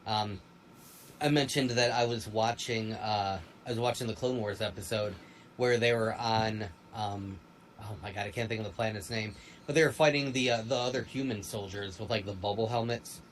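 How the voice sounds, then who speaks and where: A man co-hosting a casual fan review chat, rambling and animated with quick asides. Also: fairly low pitch, a little hiss or hum, poor audio. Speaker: podcast co-host.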